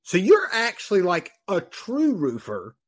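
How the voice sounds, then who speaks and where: A man with a Southern US accent hosting a podcast with energetic, hyped-up salesman delivery. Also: sits high, unhurried. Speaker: podcast host.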